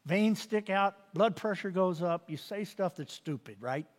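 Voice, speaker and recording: A man preaching a sermon as pastor, building to loud emphatic peaks and dropping to quiet asides. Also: sits high, expressive, unhurried. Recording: reverberant hall.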